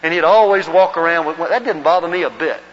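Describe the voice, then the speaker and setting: A man from the Southern United States teaches an evangelism class at church, earnestly sharing a personal story and leading the group in reciting verses. His voice is a little high, fast, and a bit bright, captured in a muffled recording in a hall with long reverb.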